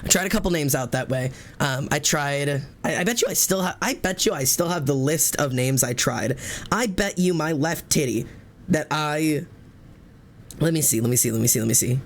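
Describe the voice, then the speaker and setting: A young man livestreaming in a casual chat, telling a story in a rambling, animated way, full of "like" fillers and laughing at himself. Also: a little high, moderate pace.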